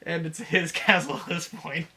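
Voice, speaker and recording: A man's voice: fairly high pitch, normal speed, background noise. A man casually retelling a fanfic plot on a podcast, laughing and swearing as he acts out the lines. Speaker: podcast co-host.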